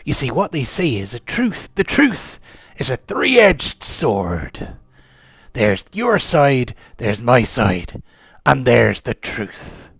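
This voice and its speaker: A man's voice: medium pitch, very animated, moderate pace, few pauses, breathy edge, no echo. A man, the game master, voicing a kneeless old male pirate sea dog who philosophises in a growling pirate voice. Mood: musing. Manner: growling pirate voice with "arr" and "there be".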